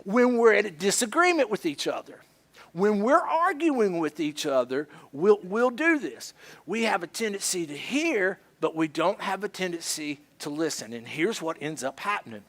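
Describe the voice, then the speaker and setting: A male pastor preaching a sermon, animated and acting out both sides of everyday arguments. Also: sits high. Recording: church service.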